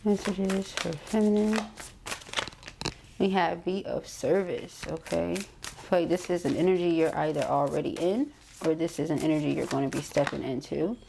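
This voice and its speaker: A woman giving a tarot card reading, reading card messages aloud and explaining them, ending many phrases with a quick "okay?". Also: low-pitched, creaky, background noise. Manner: reads card messages aloud then interprets. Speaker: tarot reader.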